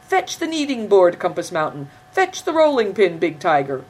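A woman voicing a bossy male soldier who shouts orders. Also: deep voice, lively intonation, moderate pace. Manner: barking orders.

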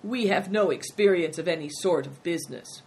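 A woman's voice: lowish voice, moderate pace, a little mellow, breathy edge. A woman reading an audiobook, voicing a polite, earnest young male traveller.

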